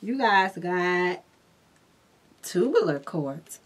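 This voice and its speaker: Slow-spoken woman giving a tarot reading. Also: mid-range voice. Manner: slow, soothing guided breathing, then excited and laughing at the cards. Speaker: tarot reader.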